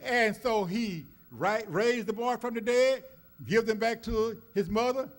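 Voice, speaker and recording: Male minister preaching, high-pitched, folksy storytelling. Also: unhurried. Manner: preaching with rising call-and-response emphasis; folksy storytelling with many uh fillers. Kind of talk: sermon. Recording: church service recording.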